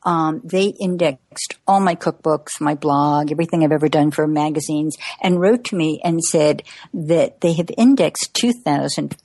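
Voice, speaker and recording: In a dry recording with no room sound, a woman in her sixties speaks in a low, darkish voice at a moderate pace. She is an American cookbook author being interviewed, chatting away with frequent laughter and filler words.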